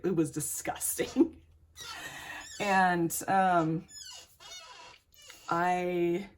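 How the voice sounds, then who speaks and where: A woman's voice: on the low side, a little mellow. A young woman chatting candidly as she tells a long personal story while doing her makeup at home. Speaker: beauty vlogger. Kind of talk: chatty get-ready-with-me storytelling.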